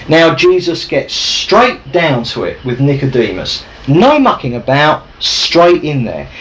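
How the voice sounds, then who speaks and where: A man teaching from the Bible in a lively, conversational way, often checking in with his listeners. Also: a little high, rough recording. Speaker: preacher.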